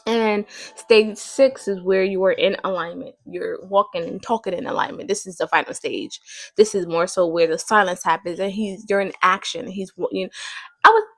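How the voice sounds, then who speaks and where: A woman's voice: mid-range voice, fairly even intonation, moderate pace, a bit bright, no room sound. A woman hosting a casual faith podcast, rambling and thinking aloud with many fillers. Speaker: podcast host.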